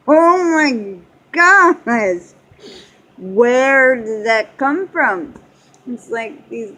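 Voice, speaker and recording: A woman's voice: mid-range voice, slight background noise, rough recording. A woman in her thirties vlogging in casual chat, rambling and giggling often as she talks. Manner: giggly, rambling, frequent laughter.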